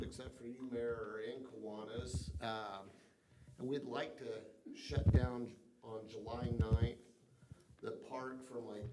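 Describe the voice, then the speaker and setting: Male staffer, casual council report, heard off-mic over room noise. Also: medium pitch. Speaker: city staff member. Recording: echoey room, far from mic, background noise.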